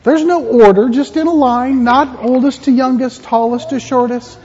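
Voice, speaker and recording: A man's voice: extremely high pitch, fairly even intonation, moderate pace, noisy background. A man, a pastor, giving a playful, interactive children's sermon in a church. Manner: playful, interactive, gently teaching. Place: church sanctuary. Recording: echoey church hall, dull lo-fi.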